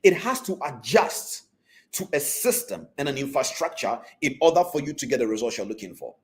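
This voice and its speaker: A man's voice: medium pitch, lively intonation, fairly quick. A trading mentor man teaching a live online class, repeating his key points and asking his listeners whether they are following.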